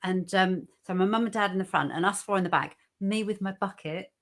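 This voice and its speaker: A woman from England reminiscing gently in a casual online chat over a video call. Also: medium pitch, fairly quick. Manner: gentle, reminiscing, laughing softly.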